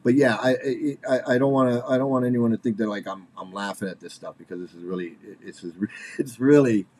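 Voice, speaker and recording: A man in his forties giving casual spoken commentary, halting and repeating himself, with nervous laughs, worked up and angry. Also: mid-range voice, little pitch movement, a little mellow. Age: 40s.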